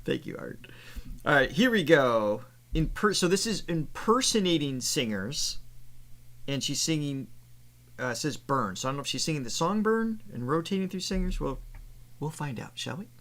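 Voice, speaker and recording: A man's voice: on the high side, expressive, moderate pace, a bit bright. A man co-hosting a live reaction stream as a vocal coach, casually reading out facts and poll options and laughing easily.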